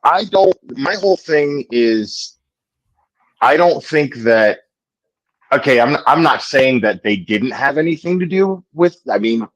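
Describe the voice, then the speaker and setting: A man's voice: medium pitch, lively intonation, unhurried, dry recording. A man on a livestream panel, speaking hesitantly and hedging, with many restarts. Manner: hesitant, hedging, repeats himself. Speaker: guest panelist. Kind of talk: casual livestream panel discussion. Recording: dull, dry livestream audio.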